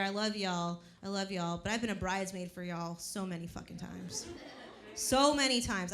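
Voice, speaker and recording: A woman's voice: mid-range voice, fairly bright tone. A woman in her thirties doing a profane stand-up comedy set on a club stage, telling punchy stories. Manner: brash and profane, punchy storytelling. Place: comedy club stage before a laughing crowd. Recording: live club recording with faint crowd noise.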